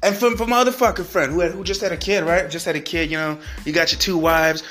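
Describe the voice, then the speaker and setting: Faint music plays behind a young man whose high, slightly bright voice moves fairly quickly as he angrily rants at his friends on his podcast. Swearing nonstop in this profane solo rant, he trips over repeated words and mocks them in a whiny tone.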